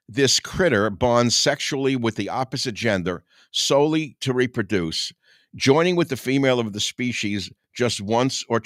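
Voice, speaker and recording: A man's voice: medium pitch, lively intonation, moderate pace, a bit bright, no echo, clean studio sound. An older man, a talk host, reading his own satirical writing aloud with combative, sarcastic asides and chuckles.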